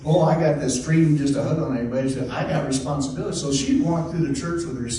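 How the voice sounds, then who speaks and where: A man's voice: medium pitch, quick pace, mellow. A man preaching a sermon as pastor, in a folksy conversational way with frequent restarts. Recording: echoey hall, distant mic, faint noise.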